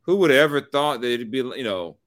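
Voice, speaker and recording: A man co-hosting a sports talk show, rambling and animated, with many restarts. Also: mid-range voice, fairly quick, dry recording, clean studio sound. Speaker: sports radio co-host.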